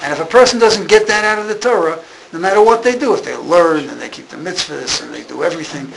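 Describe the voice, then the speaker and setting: A man teaches an informal Torah class in a slightly high, gravelly voice. He keeps repeating and rephrasing his points for emphasis. The recording carries a loud steady noise. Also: fast talker. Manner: repetitive, emphatic, restarts phrases.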